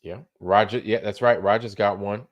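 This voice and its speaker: A man's voice: on the low side, steady tone, moderate pace, dull audio. A man hosting a late-night livestream, rambling loosely, swearing freely and repeating himself as he trails off. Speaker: livestream host.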